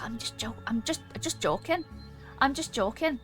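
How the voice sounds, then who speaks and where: A woman streamer talking casually over her gameplay. Her voice sits a bit high, and she teases, jokes and chats to viewers in a playful, giggly way. Game music plays faintly behind. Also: a little fast, pushed and bright. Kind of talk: casual gaming stream chat.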